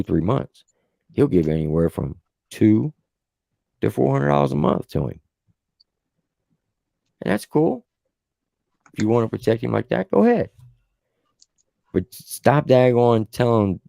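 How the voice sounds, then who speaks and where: A man's voice: fairly low pitch, gravelly, dark tone, dry recording, studio quality. A man hosting his own show, telling a heated story in a casual, profane way. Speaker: show host. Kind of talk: heated casual livestream rant.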